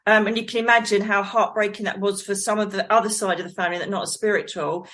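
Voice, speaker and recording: A middle-aged woman from England, a psychic medium guest telling her life story in a rambling, animated way, laughing often. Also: medium pitch, fast talker. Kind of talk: conversational storytelling.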